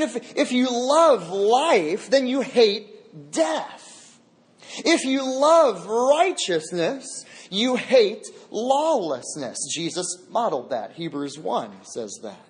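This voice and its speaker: A man preaching a sermon as a pastor, emphatic and repeating key phrases for weight. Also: high-pitched.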